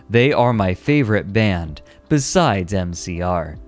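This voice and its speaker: A man's voice: sits low, animated, measured pace, hardly any pauses, faint music behind. A man streaming a comedic, mock-dramatic reading of a story at a desk microphone. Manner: mock-dramatic, breaks into laughter.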